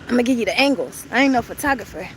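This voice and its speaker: A woman's voice: a little high, expressive, rapid-fire. A young adult woman, gushing and chatty as she live-streams a walking tour of an outdoor park on her phone. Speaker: travel vlogger. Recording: outdoor noise, wind and ambience.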